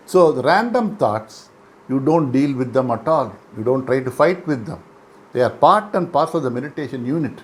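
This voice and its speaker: Calm man teaching meditation. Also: fairly high pitch. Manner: calm, measured, repeats key phrases. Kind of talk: instructional lecture.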